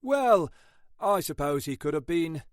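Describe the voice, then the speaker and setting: Man voicing a skeptical cop colleague, higher voice, offhand, shrugging everything off. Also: very animated, a little slow, no room sound, studio quality. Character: doubtful, plain-spoken male police colleague.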